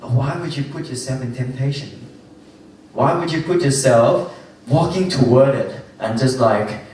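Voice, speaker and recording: A young man delivers a loose, rambling youth sermon full of fillers and restarts. His voice sits at an ordinary pitch and comes from some distance in a very echoey church hall, with faint noise behind. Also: moderate pace, darkish tone. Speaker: youth speaker.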